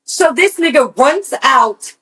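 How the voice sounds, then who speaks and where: A woman co-hosting a podcast, telling a personal story in casual chat, animated and swearing freely. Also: sits high, slow pace, rough recording. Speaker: podcast co-host.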